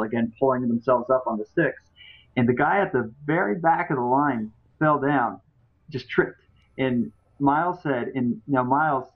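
A man, a podcaster appearing as a guest, telling a story in casual chat with lots of fillers and restarts. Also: medium pitch. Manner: rambling, many fillers and restarts. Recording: tinny phone-like line.

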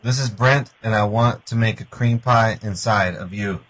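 A man hosting a radio show who makes crude, mocking prank calls in a deadpan tone. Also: fairly low pitch, normal speed. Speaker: radio host and prank caller. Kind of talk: prank phone call and radio banter. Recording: lo-fi radio recording.

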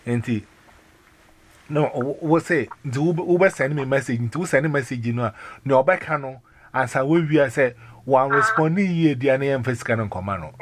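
A man with a Ghanaian accent in a casual phone chat, talking in an animated, rambling way with many restarts and exclamations. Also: mid-range voice, normal speed, no echo. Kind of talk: casual phone chat mixing Twi and English.

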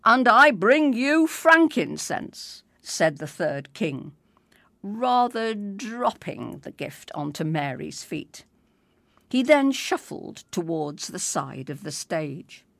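A woman reading a story aloud in an unhurried, expressive storytelling manner. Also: deep voice, gravelly, dry recording. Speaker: reader.

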